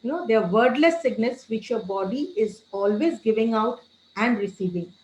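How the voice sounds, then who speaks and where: Woman trainer, slightly high voice, lecture delivery with stressed words, echoey room. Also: animated, normal speed, a little mellow. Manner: addresses listeners as friends, gives tips.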